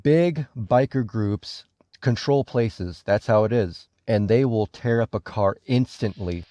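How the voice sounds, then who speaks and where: A man's voice: fairly low pitch, mellow, no room sound. A man giving a rambling, profane, indignant commentary on a video. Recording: dull lo-fi recording.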